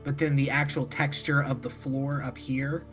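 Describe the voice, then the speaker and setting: A man's voice: medium pitch, level tone, normal speed, fairly bright tone, faint music behind. A laid-back man who laughs easily, chatting casually as game master after a tabletop game.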